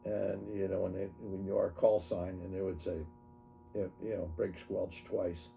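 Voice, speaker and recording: Gravelly old man telling war stories. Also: sits low, little pitch movement, dark tone, soft background music. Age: 70s. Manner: halting, self-correcting storytelling. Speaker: army veteran interviewee. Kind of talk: oral history interview.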